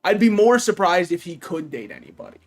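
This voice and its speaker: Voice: mid-range voice, sing-song, brisk, soft background music. A streamer giving casual gaming commentary, joking, swearing freely and talking back to chat and the game's characters. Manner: talks to chat and game characters.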